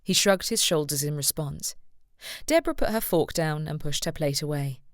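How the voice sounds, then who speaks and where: In scripted audiobook narration, a woman reads in an even, measured way. Her voice sits low, and the studio-quality recording has no room sound.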